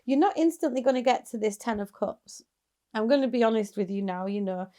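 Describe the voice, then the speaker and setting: A woman's voice: a little high, a little fast, dark tone. A woman giving a casual, chatty tarot reading straight to her viewers, encouraging and sometimes laughing. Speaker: tarot reader.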